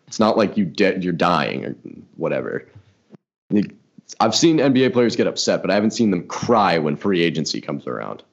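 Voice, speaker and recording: A man's voice: low voice, sing-song, normal speed, gravelly. A young man co-hosting a casual sports podcast, loose and joking, laughing often. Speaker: podcast co-host. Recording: dull lo-fi podcast mic.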